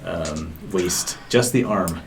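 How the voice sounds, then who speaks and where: A man's voice: low-pitched, slow. Hesitant man narrating a tabletop game. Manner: hesitant, many fillers and restarts. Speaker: game master. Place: game store. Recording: live stream mic with faint background noise.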